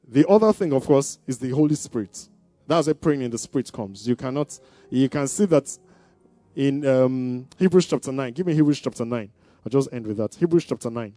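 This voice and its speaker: A man's voice: mid-range voice, mellow, dry recording. A man preaching a sermon, asking the congregation questions and building to emphatic declarations. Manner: call-and-response preaching, rising to emphatic declarations. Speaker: pastor. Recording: dry sound with faint music behind.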